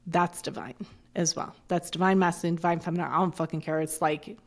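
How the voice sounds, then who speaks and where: A woman's voice: lowish voice, fairly even intonation, fairly quick, gravelly. A woman in her forties in casual podcast chat, talking bluntly and swearing freely, with rambling asides. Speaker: podcast guest.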